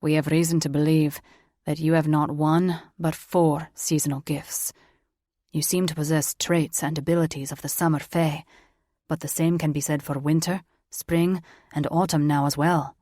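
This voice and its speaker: Woman voicing a gruff male warrior, low and growly, dry booth sound. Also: flat delivery, moderate pace, mellow, dry recording.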